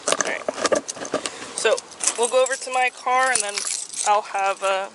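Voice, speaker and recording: A woman's voice: on the high side, steady tone, measured pace, background noise. A woman outdoors by a car, questioning someone with probing, direct questions.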